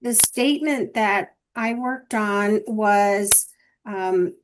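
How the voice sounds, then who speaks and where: A woman reports back to a group in a workshop. She speaks very slowly and carefully as she reads out her statement. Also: medium pitch, background noise. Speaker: workshop participant.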